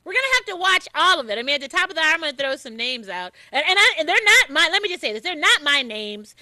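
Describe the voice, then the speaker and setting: A woman hosts a radio talk show, her voice high and very bright. She talks with animated, swooping emphasis and jumps in to drive points home. The sound is close and dry. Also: fast, no echo.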